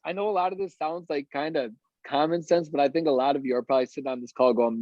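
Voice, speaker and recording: A man's voice: on the high side, fairly even intonation, quick pace, a little mellow, no room sound, lo-fi sound. Eager rambling male motivational coach. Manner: eager, rambling, many fillers. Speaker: sales team coach.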